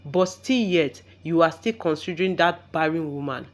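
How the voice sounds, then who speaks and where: A woman's voice: low voice, moderate pace, lightly acted. A woman voicing a scheming, spiteful older mother-in-law who speaks with cold disdain in a storybook reading. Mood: scornful.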